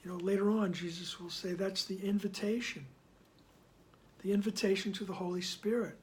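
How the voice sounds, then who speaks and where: Soft-spoken man, half-whispered teaching. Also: high-pitched, steady tone. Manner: unhurried, checks in with "right?" after each point. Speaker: spiritual study reader and commentator. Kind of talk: reflective commentary on a spiritual text.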